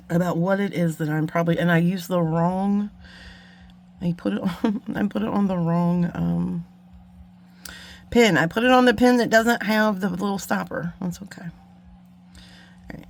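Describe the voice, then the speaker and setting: Chatty woman with a gravelly edge. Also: on the low side, a little hiss or hum. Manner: chatty, self-mocking, muttering asides while working. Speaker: beading channel host. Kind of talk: casual craft tutorial chat.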